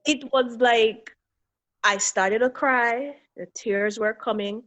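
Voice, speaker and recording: A woman's voice: on the high side, takes it slowly, a bit bright. A middle-aged woman, a guest on an interview show, tells in earnest the story of losing her young son, reliving each moment. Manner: earnest, reliving events, voices quoted people. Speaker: guest, bereaved mother. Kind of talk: emotional personal storytelling.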